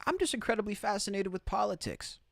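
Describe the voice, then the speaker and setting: A man's voice: high-pitched, expressive, fast, gravelly, a bit bright, dry recording, clean studio sound. A man hosting opinionated live commentary from outside the United States, emphatic and repeating his key phrases. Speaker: commentary streamer.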